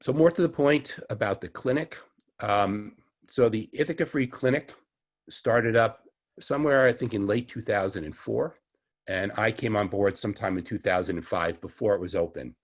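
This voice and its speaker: A middle-aged man with a Long Island New York accent talks through a class in a loose, rambling way, often correcting himself as he goes. His voice sits on the low side and has a husky, slightly rough grain. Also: normal speed. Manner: rambling, chatty, self-correcting with small laughs. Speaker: herbalist teacher. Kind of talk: casual online class lecture.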